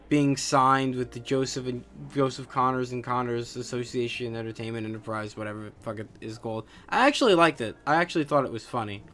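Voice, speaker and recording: A man's voice: medium pitch, sharp tone. A man hosting a wrestling podcast on his own, ranting in a casual, profane and scornful way with lots of fillers. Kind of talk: casual solo rant.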